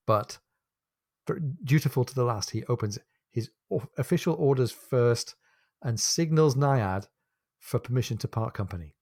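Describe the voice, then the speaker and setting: A man's voice: mid-range voice, a little mellow, no room sound, studio quality. A man co-hosting a book discussion podcast, retelling the plot, reading passages from the text, and handing over to his co-host with questions.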